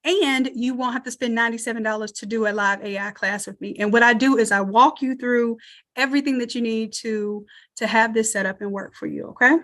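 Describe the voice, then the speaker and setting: A woman with a Southern American accent teaching a live online design class, energetic and encouraging, calling her viewers y'all. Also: a little high, a little fast. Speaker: online design course instructor. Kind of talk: live webinar teaching and promotion.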